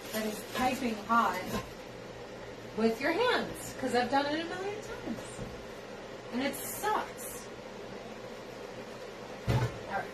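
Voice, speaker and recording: A woman's voice: a little high, noisy background. A young adult woman hosting a cooking vlog, chatting casually as she cooks, laughing often and slipping into playful voices. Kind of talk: casual chat while cooking.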